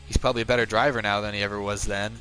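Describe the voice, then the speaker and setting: A man streams a racing game live, chatting casually with viewers and joking at his own expense. His delivery is racing, chatty, and self-mocking, with high yelps of excitement while he races. Soft music plays in the background.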